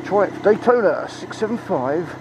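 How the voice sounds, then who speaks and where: A man giving a chatty, excitable ride-along review of a motorbike, swearing freely, talking into a helmet mic outdoors. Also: sits high, measured pace. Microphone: helmet-mounted mic. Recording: muffled, engine and road noise.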